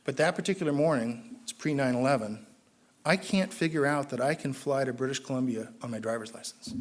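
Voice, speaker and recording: At a meeting, a middle-aged AA speaker recounts his recovery at a brisk clip, performing the other people in his story. His Southern Californian accent comes through, and when he's fired up he gets loud and high.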